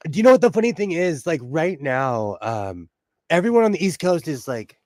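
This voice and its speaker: A man's voice: high-pitched, big pitch swings, normal speed, a little mellow, dry recording, studio quality. A man hosting a casual sewing livestream from home, bubbly and laughing often as he greets viewers. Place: at home indoors.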